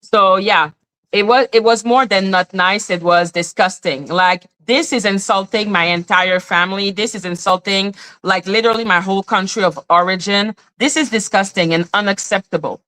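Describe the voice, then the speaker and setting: A woman hosts a live stream and vents in an indignant, profane rant, hammering the same points again and again. Her voice is bright and forceful, with a hard edge on the stressed words. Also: mid-range voice, normal speed. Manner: indignant, profane ranting with repeated phrases. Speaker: livestream host. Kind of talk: heated live commentary. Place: in Canada.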